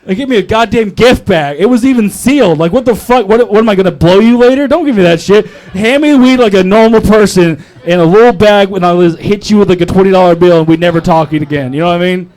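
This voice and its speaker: A young stand-up comedian works an open mic crowd in a comedy club with a crude, mocking, rambling set through a handheld stage mic. His voice sits high for a man and is a little mellow, and he talks quickly with few pauses.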